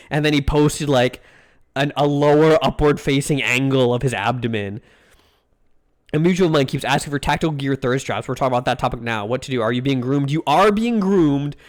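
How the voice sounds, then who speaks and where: Rambling, crude-joking male streamer. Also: on the high side. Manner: rambling, crude jokey banter, drawn-out food names. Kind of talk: casual live-stream chat.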